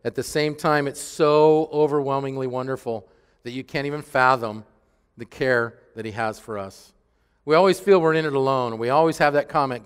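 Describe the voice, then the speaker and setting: A male pastor preaching a sermon earnestly and emphatically, often dropping to a hushed tone. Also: fairly high pitch, moderate pace, smooth, big-room sound. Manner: earnest, emphatic preaching with dramatic dips to a hush. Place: church.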